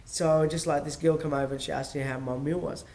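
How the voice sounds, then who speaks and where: A man's voice: a little high, level tone, a little fast, a little mellow, slight background noise. Rambling man telling a story. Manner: rambling, with many fillers and restarts; tells stories by acting out dialogue. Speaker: podcast host. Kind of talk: casual monologue.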